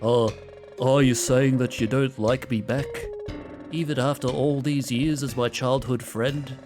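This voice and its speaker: A man's voice: medium pitch, steady tone, measured pace, over music, natural voice. A man voicing a teenage schoolgirl who turns down a childhood friend, in a cool, dismissive way. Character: teen schoolgirl turning down a friend.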